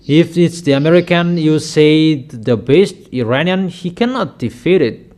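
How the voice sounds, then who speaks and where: Male preacher, slow and emphatic, higher-pitched, sudden loud outbursts. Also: lively intonation. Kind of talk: sermon.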